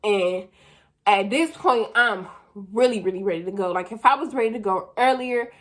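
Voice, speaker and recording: A young woman telling a wild personal story in a casual vlog, profane and animated, full of slang. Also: medium pitch, moderate pace, slight background noise.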